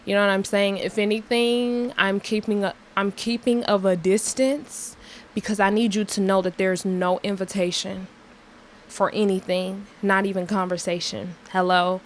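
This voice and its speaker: A woman's voice: medium pitch, level tone, normal speed, slight background noise, rough recording. A young woman hosting her podcast, telling a story in a candid, emphatic rant with many filler words. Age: young adult. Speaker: podcast host.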